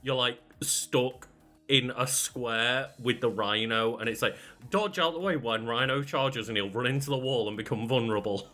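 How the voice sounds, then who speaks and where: Give me a male podcast co-host with a bright, forceful voice, chatting casually and wryly. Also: mid-range voice, moderate pace. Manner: laughing, wry and chatty. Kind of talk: casual chat.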